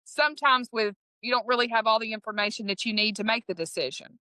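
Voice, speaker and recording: A woman's voice: fairly high pitch, fast talker, pushed and bright, dry recording, low-quality recording. A woman with an East Texas Southern accent hosting a podcast in a folksy, upbeat way, often restarting her sentences. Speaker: podcast host.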